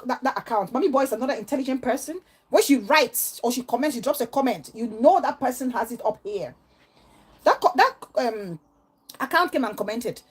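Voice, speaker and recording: A middle-aged woman vlogger giving an earnest, emotional and preachy monologue to her viewers. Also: high-pitched. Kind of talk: heartfelt vlog monologue.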